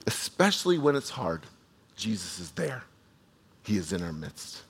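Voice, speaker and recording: A man's voice: fairly low pitch, unhurried, husky. Conversational male preacher, storytelling. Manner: conversational, animated storytelling with asides to the congregation; restarts and repeats words while speaking. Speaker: pastor. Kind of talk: sermon.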